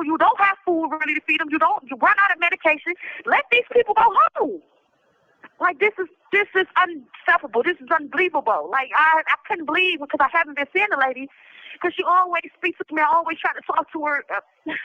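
Woman inmate, emotional and urgent, sharp tense tone, dry close lo-fi phone sound. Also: very high-pitched, no echo. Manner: urgent, emotional, pleading, repeats herself. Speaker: incarcerated person giving a recorded commentary. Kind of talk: impassioned spoken commentary.

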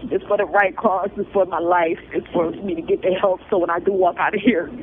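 A man's voice: sits high, level tone, fairly quick. A man making an emotional appeal for support, exhausted and pleading, with nervous laughs between his words. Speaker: person pleading for public support. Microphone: phone call. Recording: tinny phone line, faint noise.

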